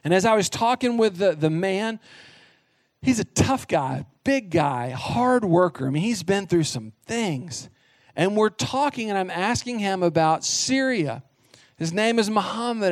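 A man's voice: sits high, expressive, slow pace, no echo, clean studio sound. A middle-aged man preaching a sermon as a pastor, earnest and emphatic, stressing short repeated phrases.

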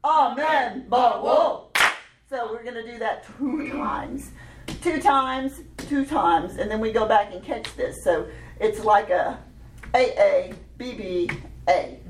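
Leading adults through a hands-on children's music workshop, a woman speaks slowly in a fairly high voice, upbeat and chatty, laughing a lot. It's a conference meeting room recorded from afar in a roomy hall, with slight background noise and a group chanting with echo.

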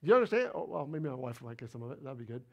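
A man preaching a sermon, animated and emphatic, repeating words for stress. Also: medium pitch, racing, vocal fry, muffled recording. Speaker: pastor.

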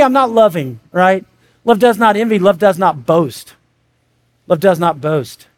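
A man preaching a sermon as pastor, conversational and animated, with quick asides and acted-out everyday quotes. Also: high voice.

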